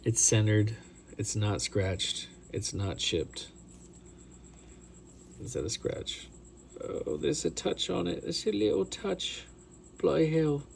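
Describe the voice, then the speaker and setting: A middle-aged man chatting casually as he opens trading card packs, rambling, excitable and self-deprecating. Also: deep voice, vocal fry, slight background noise. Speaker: card collector opening booster packs. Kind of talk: casual hobby vlog commentary.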